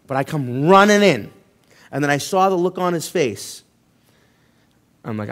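Impassioned higher-voiced man preaching. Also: lively intonation, measured pace, pauses often. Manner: impassioned, swinging between loud and hushed; tells a personal story, with repeated "right?". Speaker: pastor. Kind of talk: sermon. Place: church.

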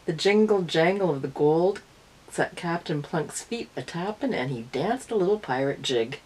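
Woman storyteller for kids, husky, expressive, lively pitch. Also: moderate pace, poor audio. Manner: expressive read-aloud. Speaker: early-years storyteller. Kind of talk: reading a picture book aloud to children.

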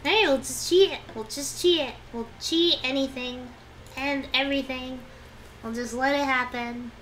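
A woman's voice: high voice, a little slow, a bit bright, slight background noise. A young woman streaming a game, chatting to herself about her moves in a whiny, pleading way. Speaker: VTuber streamer. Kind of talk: casual game-stream commentary.

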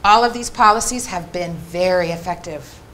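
A woman's voice: fairly low pitch, normal speed, fairly bright tone, slight background noise. A woman presenting at a community workshop, speaking earnestly and emphatically to a live audience and often checking in with "right?". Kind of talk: impassioned public talk. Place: meeting room with a live audience. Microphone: microphone.

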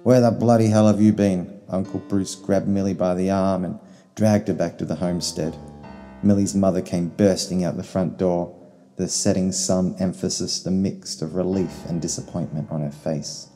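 A man reading a short story in slow, solemn narration. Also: deep voice, level tone, warm tone. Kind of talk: scripted narration. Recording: long reverb, faint guitar music.

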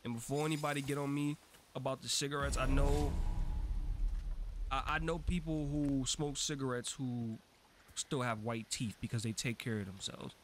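A man hosting a gaming channel, giving casual, excitable let's-play commentary and swearing freely. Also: medium pitch, moderate pace, a little hiss or hum. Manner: chatty and excitable, swears freely, talks a lot when nervous.

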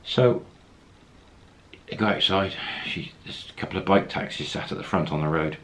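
A man's voice: deep voice, normal speed, a little hiss or hum. A man casually telling a travel story, acting out the quoted lines as he goes. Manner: anecdotal, acts out quoted lines, chuckles.

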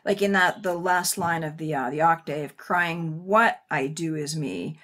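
Eager, quick-talking woman explaining poetry. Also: deep voice, a bit bright. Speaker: guest, editor of a poetry edition. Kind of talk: podcast conversation on poetry.

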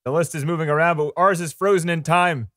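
Male film podcast host, dry wit, slightly raised pitch, dead-dry sound. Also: fairly even intonation, a little fast, sharp tone, no echo. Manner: dry, teasing banter. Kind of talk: casual chat.

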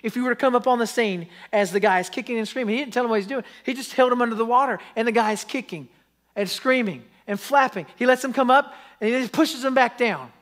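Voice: medium pitch, fast talker, a bit bright. A pastor preaching a sermon, telling stories with acted-out quotes and asking the congregation pleading questions.

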